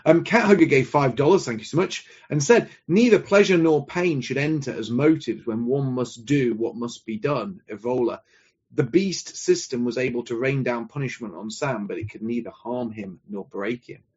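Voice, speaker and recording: Courteous male host reading donations, husky voice, muffled lo-fi audio. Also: medium pitch, moderate pace, darkish tone. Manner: polite, courteous.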